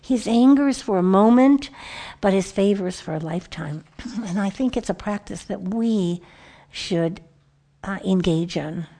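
A woman giving a conversational Bible teaching to a group of women, animated and storytelling, often restarting her sentences. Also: medium pitch, unhurried. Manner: lively, animated storytelling with frequent self-corrections.

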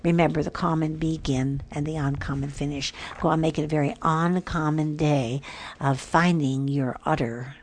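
A woman's voice: sits low, fairly even intonation, normal speed, slight background noise. A woman hosting a devotional talk show, speaking earnestly and dropping at times to near whispers. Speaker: podcast host.

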